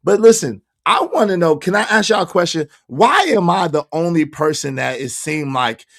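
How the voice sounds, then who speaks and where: A hoarse man, hosting a casual livestream and shouting out his viewers by name. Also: a little high, expressive, moderate pace. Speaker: livestream host reading chat.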